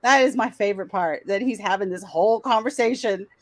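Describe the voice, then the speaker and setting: A woman's voice: mid-range voice, a little fast, no echo. A woman hosting a stream, commenting on a clip in a sarcastic, mocking way. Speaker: host.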